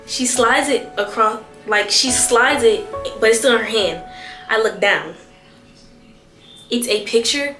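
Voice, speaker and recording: A young woman telling a personal story in an animated storytime vlog, slangy and expressive, laughing often and repeating lines for emphasis. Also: on the high side, a little slow, long pauses. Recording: echoey room with faint background music.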